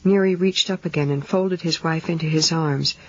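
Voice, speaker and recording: Steady audiobook narrator, lo-fi tape. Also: mid-range voice, moderate pace, no room sound. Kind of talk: scripted novel narration. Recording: dull lo-fi 1970s audiobook tape.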